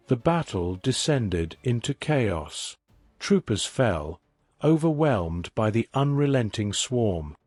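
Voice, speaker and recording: A man giving a scripted story narration in a measured, even reading. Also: mid-range voice, no room sound, faint music behind.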